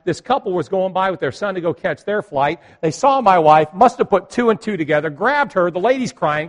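A male pastor telling a story in a sermon, swinging between loud and hushed and joking with the congregation. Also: sits high, lively intonation, brisk, hardly any pauses. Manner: jokes with the congregation.

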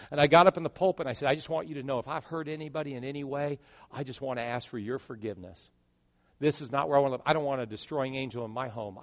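Pastor, man in his fifties, dynamic sermon delivery, hushed to loud, long church-hall reverb. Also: mid-range voice. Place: church sanctuary.

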